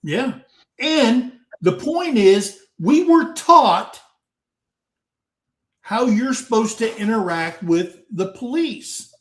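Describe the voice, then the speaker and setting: Speaking slowly in an extremely high voice with lively intonation, an American talk show host in his sixties spins a story from his youth. It's a casual panel discussion over video call, and he keeps folksily calling his audience "guys." The recording has a roomy echo.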